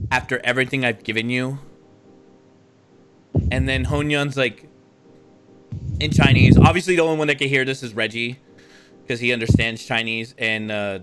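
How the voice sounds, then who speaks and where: A man's voice: medium pitch, a bit bright. A man acting as game master, narrating a tabletop role-playing game in a rambling way full of fillers.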